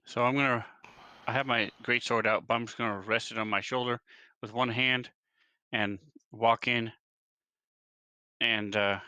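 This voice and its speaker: A man's voice: medium pitch, fairly even intonation, measured pace, long pauses, bright, forceful tone, smooth, dry recording. Hesitant man, a tabletop player. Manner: hesitant, thinking aloud with fillers. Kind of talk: casual tabletop play.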